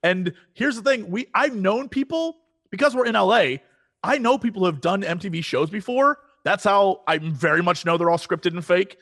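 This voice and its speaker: A man chatting as a podcast guest, telling animated stories and breaking into exaggerated quoted voices. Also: sits high, normal speed. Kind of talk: casual chat. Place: Los Angeles.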